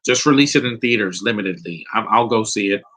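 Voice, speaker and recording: A man's voice: lowish voice, fast, sharp tone, low-quality recording. A man giving a rambling, opinionated live commentary over a film, restarting his sentences often. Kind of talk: casual live movie commentary.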